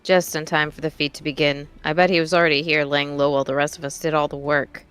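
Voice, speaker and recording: A woman's voice: deep voice, flat delivery, quick pace, a bit bright, clear, resonant tone, soft background music. A woman voicing an earnest young female claimant while reading game dialogue aloud.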